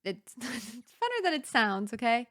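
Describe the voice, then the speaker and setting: A woman's voice: on the high side, big pitch swings, a little slow, a bit bright. Chatty young woman hosting a casual podcast. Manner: chatty, giggly storyteller. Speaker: podcast host. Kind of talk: casual sister chat.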